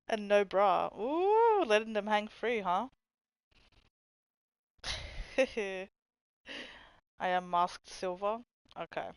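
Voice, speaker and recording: A young woman hosting a livestream, chatting casually with viewers in a low voice that people mistake for a man's, swearing and laughing often. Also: smooth, no echo, low-quality recording. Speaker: livestream host. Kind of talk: casual chat reading stream comments.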